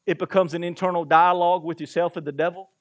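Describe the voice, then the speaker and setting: A man's voice: high-pitched, fairly even intonation, fast talker. A male pastor giving a sermon in a conversational way, asking the congregation rhetorical questions and chuckling between points.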